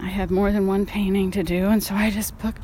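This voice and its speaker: A woman's voice: medium pitch, flat delivery, a little fast, warm tone, slight background noise. A woman painter talking frankly while walking outdoors, sighing and swearing casually, a bit out of breath. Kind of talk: casual vlog monologue.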